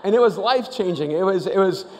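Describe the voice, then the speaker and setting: Male pastor, high voice, storytelling sermon, long hall reverb. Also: fast talker, background noise. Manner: storytelling with animated asides. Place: large church auditorium.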